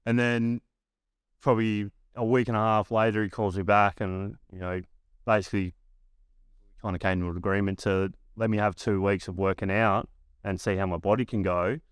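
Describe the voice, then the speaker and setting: Laid-back Australian man, low and smooth. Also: little pitch movement, moderate pace, dry recording, studio quality. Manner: laid-back, heavy swearing, lots of "like" fillers. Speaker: podcast guest, former pro basketballer. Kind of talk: casual storytelling interview.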